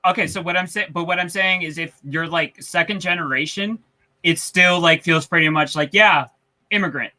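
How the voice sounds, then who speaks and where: A man's voice: on the high side, normal speed, pushed and bright. A man in a casual group chat, talking loosely with plenty of swearing. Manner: loose, profane, drawling. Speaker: podcast co-host.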